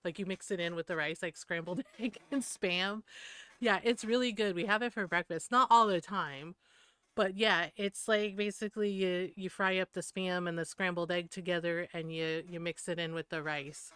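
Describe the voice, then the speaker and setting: A woman's voice: fairly low pitch, steady tone, moderate pace, a bit bright, clear, resonant tone, no room sound. A woman in her fifties streaming a game, chatting and telling stories with frequent laughs and lots of "like". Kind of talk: casual chat while gaming.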